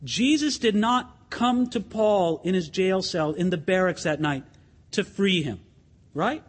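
In a church sanctuary with long hall reverb, a pastor preaches a sermon, calling his listeners friends. His voice is high and a little slow, and his delivery is earnest and emphatic.

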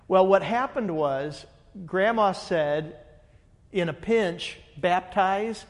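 A man, a pastor, telling a story in a lively way and acting out the dialogue. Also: sits high, slow pace, long reverb tail. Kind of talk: animated storytelling.

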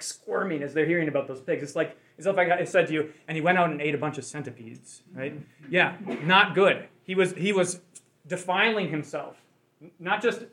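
A man's voice: high voice, fairly bright tone. A man leading a Bible study group, teaching conversationally and asking the class questions.

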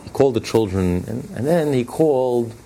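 A man's voice: mid-range voice, expressive, moderate pace, gravelly, mellow, a little hiss or hum. Emphatic male rabbi teaching a lesson. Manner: emphatic, repeats key phrases, rising on points; plainspoken, conversational storyteller with restarts. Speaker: rabbi teaching a Torah class. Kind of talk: spoken religious lesson with storytelling.

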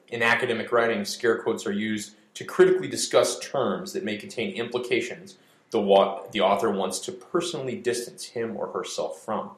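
A man with a lowish voice reads a scripted explainer as a podcast host, dry and a little mock-dramatic. The sound carries a noticeable room echo. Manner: wry, mock-dramatic delivery. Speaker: podcast host for an editing service.

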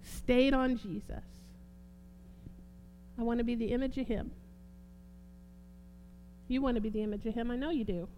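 A woman preaching a sermon, fervent, repeating phrases and swinging between soft and emphatic delivery. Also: fairly high pitch, fairly even intonation, moderate pace, long pauses, a little hiss or hum.

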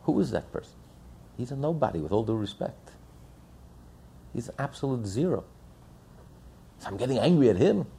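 Gravelly, emphatic preaching man. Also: mid-range voice, big pitch swings, moderate pace, pauses often, warm tone. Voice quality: gravelly, husky. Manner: emphatic, repetitive, rhetorical questions. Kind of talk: sermon.

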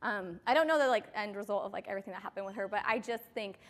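A woman's voice: medium pitch, racing. A woman team leader giving a motivational talk to her sales team, telling stories in a chatty way full of fillers. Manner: chatty, filler-heavy storytelling. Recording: long hall reverb.

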